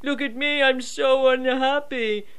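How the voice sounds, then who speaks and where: A woman's voice: high voice, steady tone, unhurried, a bit bright, clear, resonant tone. A woman voicing a gloomy toy cat who croons mournful, self-pitying lines in a comic song parody. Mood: glum.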